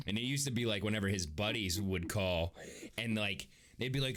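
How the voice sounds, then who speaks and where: A man's voice: medium pitch, fast, a bit bright. A man co-hosting a casual livestreamed podcast from home, joking, swearing and laughing often as he rambles. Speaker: podcast co-host. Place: home room on webcam.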